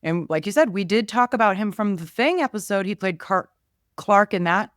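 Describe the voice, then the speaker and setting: A woman's voice: mid-range voice, animated, moderate pace, no echo, clean studio sound. A woman hosting a podcast, chatting casually about an old movie in an easygoing, rambling way. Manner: chatty, easygoing, trails off and restarts. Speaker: podcast host.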